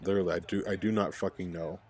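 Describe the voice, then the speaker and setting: A man's voice: deep voice, steady tone, quick pace, a little mellow. A man hosting a fan recap podcast, ranting in an angry, profane, rambling way. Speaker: podcast host.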